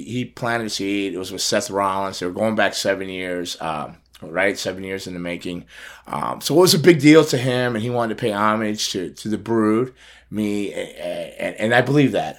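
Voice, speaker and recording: A middle-aged man with a fairly low voice, telling a personal story in loose, casual chat. He jumps into quoted conversations with lively shifts and laughs often as he goes. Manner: animated, acts out quoted phone calls, laughs often. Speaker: podcast host telling a story.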